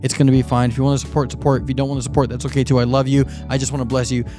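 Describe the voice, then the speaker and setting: A man's voice: medium pitch, little pitch movement, very fast, over music. A man hosting his own commentary channel, reacting indignantly and sarcastically to a preacher's clip. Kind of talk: critical video commentary.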